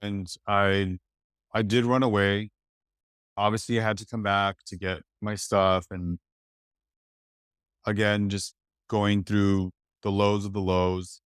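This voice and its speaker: A man from East Los Angeles, a podcast guest telling a personal story in a reflective, halting way full of "like". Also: low voice, smooth, dry recording, studio quality. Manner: reflective, halting, many "like" fillers.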